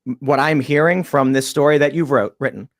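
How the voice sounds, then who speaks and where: A man hosting a panel show, introducing guests and telling stories in a quick, chatty way. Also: medium pitch, no room sound, studio quality. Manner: fast storytelling, introduces guests. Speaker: show host. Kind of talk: casual panel talk.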